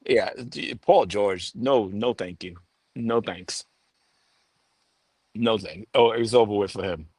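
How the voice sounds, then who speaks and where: A man's voice: fairly low pitch, slow pace, long pauses, a little mellow, slightly rough, no room sound. A man from New York co-hosting a sports podcast, joking and sarcastic in casual banter. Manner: sarcastic, joking, trails off and restarts. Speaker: podcast co-host.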